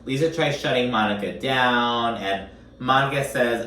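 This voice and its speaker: A man's voice: medium pitch, unhurried, bright, forceful tone, echoey room, distant mic. A man giving a casual recap commentary, swearing often in a sassy, exasperated rant. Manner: profane, sassy, exasperated ranting.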